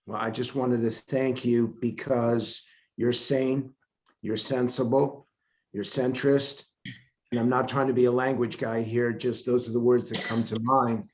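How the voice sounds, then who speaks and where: A man, a pollster, speaking in a measured, sincere way on a video call. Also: medium pitch, little pitch movement.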